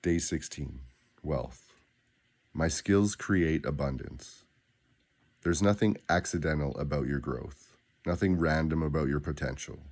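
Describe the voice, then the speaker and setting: A man guiding listeners through spoken daily affirmations, with a slow, deliberate, grounded delivery and pauses between phrases. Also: rumbling low, a little mellow. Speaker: affirmation guide.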